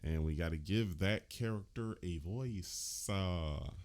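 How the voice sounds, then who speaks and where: Slow, low easygoing man. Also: a little mellow. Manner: easygoing, laughs often. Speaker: host. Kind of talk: casual let's-play commentary.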